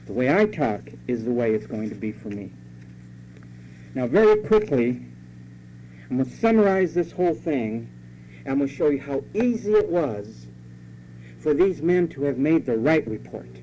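A pastor with a dark, mid-range voice preaches in a sing-song way at normal speed, pausing often. He is emphatic, repeating key phrases and asking the congregation rhetorical questions. The sermon recording is dull and lo-fi, with a faint hum.

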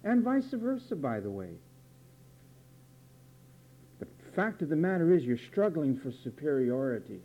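A man's voice: on the high side, sing-song, measured pace, long pauses, mellow. A man preaching a sermon, emphatic and repetitive, pressing word meanings with rhetorical questions. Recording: dull lo-fi recording.

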